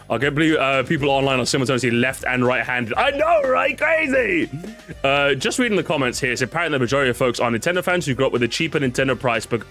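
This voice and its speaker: A man streaming and reacting to his chat in casual commentary, excitable, laughing often and swearing casually. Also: medium pitch, quick pace, faint music behind.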